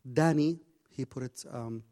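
A man preaching a sermon and telling a story with passion, swinging from hushed tones to loud bursts, his English phrasing slightly broken. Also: mid-range voice, measured pace.

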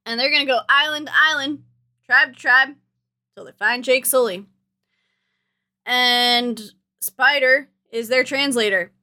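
A woman's voice: high voice, a little slow, pauses often, pushed and bright. A woman co-hosting a podcast, chatting casually as she retells a movie plot, filling gaps with "like" and "um". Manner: chatty, storytelling, fills gaps with "like" and "um". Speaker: podcast co-host. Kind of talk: casual movie recap chat.

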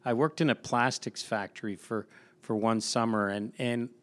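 A man's voice: mid-range voice, fairly even intonation, normal speed, fairly bright tone. A man, a pastor, chatting on a podcast and telling a work story with lots of restarts and repeated words. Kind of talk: casual podcast conversation.

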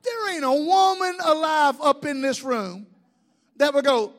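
Middle-aged male pastor with a very high voice, a folksy preacher who jokes and quizzes his congregation. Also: a little slow, fairly bright tone. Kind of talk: sermon.

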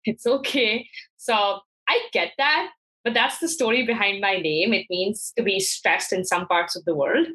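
Brief: young adult woman guest, animated storyteller who laughs and does quoted voices, mid-pitched. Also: moderate pace, poor audio. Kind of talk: casual conversational storytelling.

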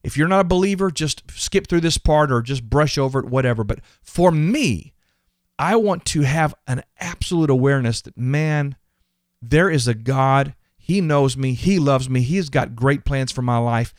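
A man's voice: medium pitch, normal speed, no room sound, studio quality. A man hosting a motivational faith podcast, earnest and emphatic, often repeating his words. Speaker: podcast host.

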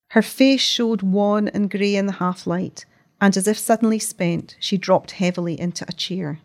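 A woman narrating a story as an audiobook in a measured, expressive way. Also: medium pitch.

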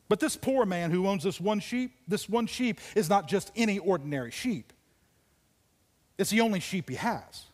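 A man preaching a sermon, telling a story with dramatic pauses and dropping to near whispers for emphasis. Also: high-pitched, big-room sound. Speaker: pastor. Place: church auditorium.

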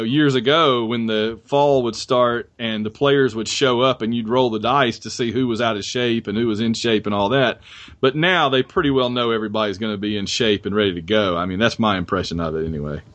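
A man's voice: medium pitch, fairly quick, fairly bright tone. A man hosting a podcast and chatting casually about college football in a rambling, restarting way. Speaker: podcast host. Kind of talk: casual sports chat.

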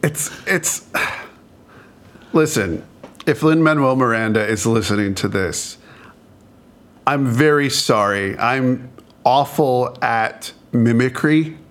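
A man's voice: medium pitch, slow pace, long pauses, fairly bright tone. A married man co-hosting a podcast in casual chat, joking and self-deprecating with frequent restarts. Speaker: podcast co-host.

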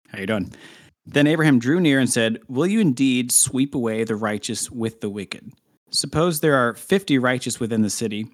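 A man co-hosting a casual podcast, reading scripture aloud with playful, joking asides and frequent laughter. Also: medium pitch.

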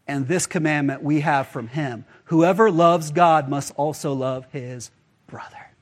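A man's voice: on the high side, a little slow. A man preaching a casual, conversational sermon as pastor, often acting out quoted voices with filler words.

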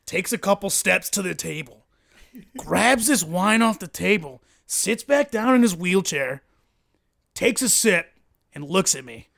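Gravelly, bright-voiced man telling a story. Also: high voice, a little slow. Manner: animated, swearing, laughs often. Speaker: podcast guest. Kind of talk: casual storytelling.

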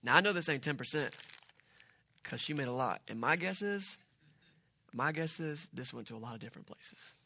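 Bright, lively man preaching a sermon. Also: a little high, moderate pace, creaky, long pauses, a little hiss or hum. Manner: animated, conversational preaching with asides. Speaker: pastor.

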